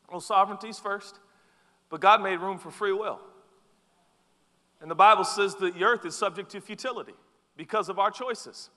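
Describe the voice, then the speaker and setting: A man preaching a sermon in an animated, conversational manner, tossing asides to his listeners. His voice sits high and bright, with lively swings in pitch. A long hall reverb follows him. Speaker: pastor.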